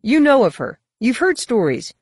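A woman's voice: a little high, big pitch swings, moderate pace, a little mellow, slightly rough, dry recording, clean studio sound, voice pushed up. A woman voicing an eager, persistent young man in an audiobook, earnest and pressing.

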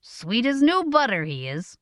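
A woman's voice: on the high side, huge pitch swings, measured pace, a bit bright, no room sound, clean studio sound, voice pushed up, heavily acted. Woman voicing a folksy carter. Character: working carter, plain-spoken man.

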